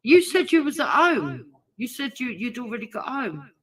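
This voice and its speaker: A woman's voice: fairly high pitch, sing-song, normal speed, breathy edge, dry recording. A woman in a heated online argument, confronting and sarcastic, insisting on her point.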